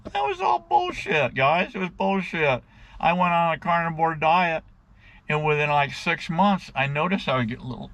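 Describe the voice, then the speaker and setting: A man's voice: fairly high pitch, sing-song, normal speed, fairly bright tone, highs cut off. A middle-aged man in a casual rant to his viewers, blunt and crude, often calling them "guys". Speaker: vlogger.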